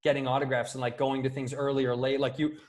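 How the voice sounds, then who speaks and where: Animated storytelling man from Chicago. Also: medium pitch, fast talker. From Chicago area. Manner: animated storyteller, acts out quoted voices. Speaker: podcast guest. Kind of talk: casual podcast storytelling.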